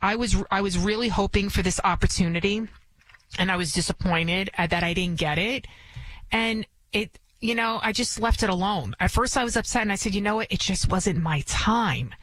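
A woman's voice: medium pitch, fairly even intonation, a little fast, fairly bright tone, poor audio. A woman with a Bronx New York accent, who did not grow up speaking English, hosting a talk radio show in a chatty, emphatic monologue full of restarts. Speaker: guest radio host.

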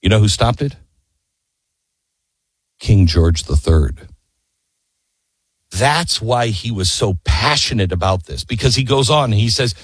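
A man's voice: medium pitch, husky, dry recording. A man telling history as a story, impassioned and emphatic, posing rhetorical questions to his listeners. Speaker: history commentator.

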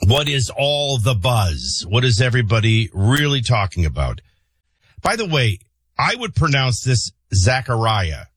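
A man hosting a morning talk radio show, mixing news headlines with opinionated, conversational commentary and frequent filler pauses. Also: medium pitch, big pitch swings, a bit bright, slightly rough, no room sound, studio quality. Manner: opinionated, conversational, sarcastic asides. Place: radio studio. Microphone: studio broadcast mic.

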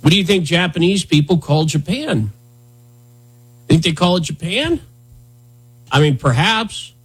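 A man's voice: on the high side, expressive, unhurried, a bit bright, breathy edge. A man hosting a talk radio show, riffing in a sarcastic, rambling, mock-indignant way. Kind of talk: casual comedic talk radio banter.

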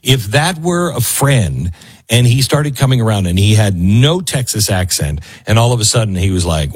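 A man's voice: on the low side, expressive, normal speed, husky. A male talk radio host giving sarcastic, rambling commentary full of mocking asides.

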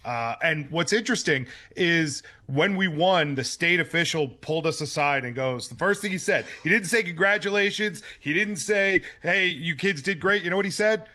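A man on a sports radio show, joining from a remote home setup, telling stories in a loud and excitable way. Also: fairly high pitch, moderate pace, hardly any pauses. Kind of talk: casual sports radio chat.

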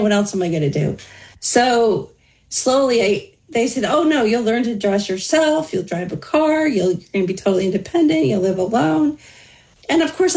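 In poor-quality audio, a woman interviewed as an author tells her life story openly and conversationally. Her mid-range voice is a little mellow, and she talks through hardship plainly with candid, wry humor.

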